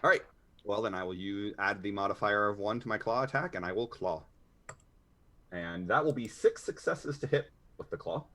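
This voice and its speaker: A man taking his turn in a tabletop game. His voice is on the low side, and he talks in an easygoing way, thinking aloud with plenty of fillers. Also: normal speed, pushed and bright. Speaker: player. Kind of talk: casual tabletop game play.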